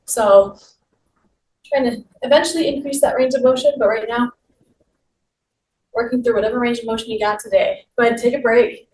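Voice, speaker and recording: A woman's voice: a little high, fairly even intonation, moderate pace, pauses often, a little mellow. Upbeat woman leading an exercise class. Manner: upbeat, encouraging cues while exercising. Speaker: fitness instructor. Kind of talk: guided exercise class instruction. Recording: roomy, distant mic with faint noise.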